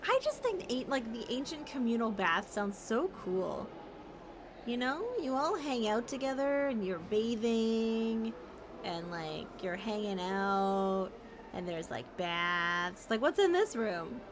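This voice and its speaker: Young woman streamer, chatty and playful, bouncy high-ish voice, bit of music behind. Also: background noise. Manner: chatty, playful, talks to chat and pets. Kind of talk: casual gameplay commentary.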